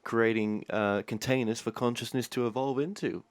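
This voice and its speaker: A man hosting a podcast, putting questions to his guest with tentative, halting phrasing. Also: mid-range voice, steady tone. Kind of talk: casual discussion.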